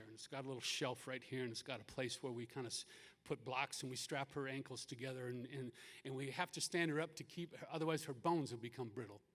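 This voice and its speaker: A man giving an emotional sermon-style testimony at a live event, moving from hushed, halting storytelling to loud, impassioned pleading, repeating and restarting his words. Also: mid-range voice, big-room sound. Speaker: speaker at a concert.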